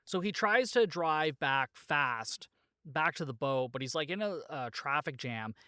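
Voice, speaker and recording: Slightly high and expressive, the man's voice is pushed and bright, with a measured pace and studio-quality, echo-free audio. As a podcast host, he casually recounts a movie's story, full of fillers and frequent "like," cracking asides and laughing at them.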